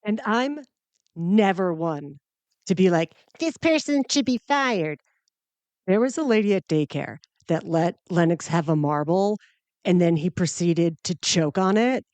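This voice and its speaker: A woman's voice: lowish voice, lively intonation, a little slow, a little mellow, no echo. A woman hosting a comedy podcast, telling a story in a wry, self-mocking monologue full of exaggeration for laughs.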